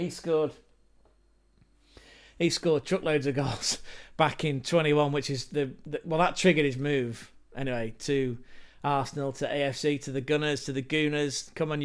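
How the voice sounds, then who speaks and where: Bloke rambling thru football stats for his channel, smooth voice, slightly high. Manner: chatty, rambling asides to viewers. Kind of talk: casual football stats commentary.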